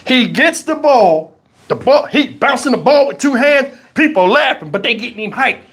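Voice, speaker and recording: A man's voice: very high-pitched, normal speed, slightly rough. A man hosting a live stream, telling a funny story in a casual, profane way and acting out the people in it. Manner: animated, profane, acts out voices. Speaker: channel host.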